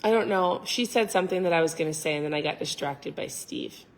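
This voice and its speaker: A woman's voice: deep voice, fast talker, poor audio. Chatty middle-aged Minnesotan woman host. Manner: chatty, laughs often, loses her train of thought. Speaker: podcast co-host. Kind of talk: casual faith-and-money chat.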